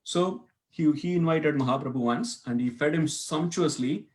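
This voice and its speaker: A man's voice: fairly high pitch, moderate pace, darkish tone. A man teaching a devotional scripture class, telling a story and asking his listeners questions as he goes. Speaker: class speaker. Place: temple hall.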